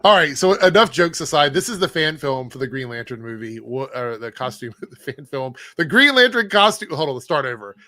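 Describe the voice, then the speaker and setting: Man, host, bright forceful voice, dry close sound, teasing casual chat. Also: medium pitch, very animated, a little fast, few pauses, dry recording. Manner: joking, teasing. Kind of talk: casual live-stream chat.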